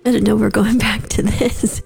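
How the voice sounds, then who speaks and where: A woman's voice: mid-range voice, flat delivery, moderate pace, vocal fry, darkish tone, husky, faint music behind. A woman recounting a personal story in conversation, emotional and holding back tears.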